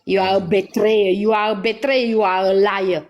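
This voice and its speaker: A woman's voice: mid-range voice, steady tone, moderate pace, muffled recording. A woman ranting angrily in a vlog, scolding someone with repeated insults and accusations. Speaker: vlogger. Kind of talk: angry live vlog rant.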